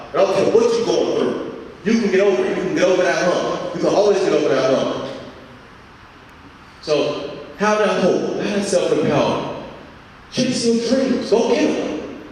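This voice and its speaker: A man's voice: high-pitched, a little mellow, slight background noise. A young man giving a repetitive, exhorting motivational speech to students. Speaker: student speaker. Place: large hall. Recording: echoey hall from far off.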